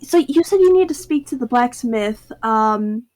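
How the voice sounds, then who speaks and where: A woman with a fairly high voice plays a tabletop game. She keeps asking questions to work out the plan. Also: animated, unhurried, a little mellow. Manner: inquisitive, asks many questions. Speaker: player. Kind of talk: tabletop role-play.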